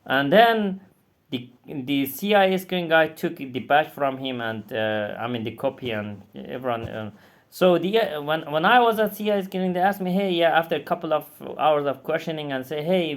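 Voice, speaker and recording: Bitter, profane man telling his story. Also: on the high side. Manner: bitter, profane, halting with many restarts. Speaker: former combat interpreter. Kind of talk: angry personal storytelling.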